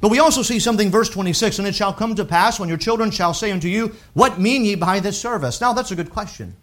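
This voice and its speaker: A man preaching a sermon, reading scripture aloud and explaining it earnestly, swinging between raised and hushed delivery. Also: high voice, fast. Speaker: pastor.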